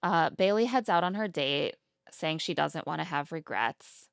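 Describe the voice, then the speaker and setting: A woman co-hosting a podcast, recapping a dating show in casual, animated chat with plenty of swearing. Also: low-pitched, a little slow, gravelly, clean tone, no room sound, clean studio sound. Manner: animated, profane, acts out quotes. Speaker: podcast co-host.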